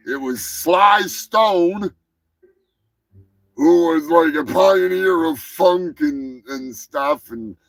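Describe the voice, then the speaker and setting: A man hosting a live stream, rambling and swearing casually while high. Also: drawn-out words, fairly bright tone, no echo, poor audio. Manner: rambling, profane, laid-back. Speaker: host.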